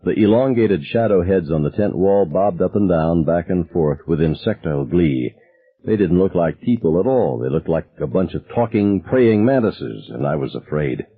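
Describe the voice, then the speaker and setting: A man narrates a novel in the first person, measured and somber. His voice is low and husky. The sound is dry and squeezed into a narrow, phone-like band. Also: expressive, no room sound. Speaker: audiobook narrator.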